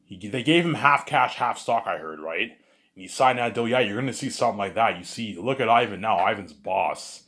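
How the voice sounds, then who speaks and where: Casting note: man, very low voice, rambling vlog monologue, lots of restarts. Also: expressive, moderate pace, fairly bright tone. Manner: rambling, many repeats and filler phrases. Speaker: vlogger.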